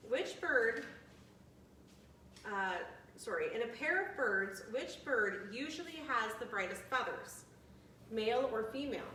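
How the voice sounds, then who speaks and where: A woman in her forties leading a bird trivia quiz for seniors, chatty and friendly, reading questions out slowly. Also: fairly high pitch, fairly bright tone, slight background noise. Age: 40s. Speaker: activity leader. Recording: echoey room, from a distant mic.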